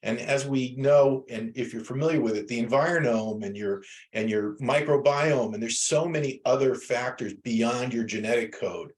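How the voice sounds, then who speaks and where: A man's voice: medium pitch, normal speed, hardly any pauses. Older male instructor, loose rambling lecture delivery. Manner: rambling, with many fillers and restarts. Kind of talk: class lecture.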